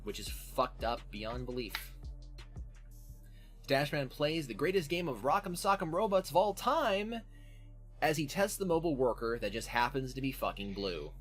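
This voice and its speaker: A man's voice: medium pitch, animated, normal speed, fairly bright tone, faint music behind. A man with a nasal voice hosting a casual podcast, recapping an episode in a profane, sardonic way. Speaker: podcast host.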